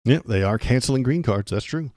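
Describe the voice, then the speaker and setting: A man's voice: medium pitch, expressive, a little fast, warm tone, slight background noise. A man from Texas hosting a casual political livestream, rambling and sarcastic, restarting his sentences often.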